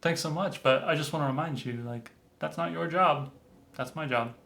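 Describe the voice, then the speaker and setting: A man voicing a kind but firm father who softly and gently repeats himself. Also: on the high side, normal speed, vocal fry. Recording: roomy echo.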